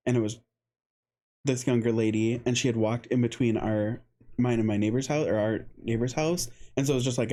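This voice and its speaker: A man co-hosting a podcast in casual chat, telling an animated story, laughing often and acting out what other people said. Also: mid-range voice. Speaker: podcast co-host.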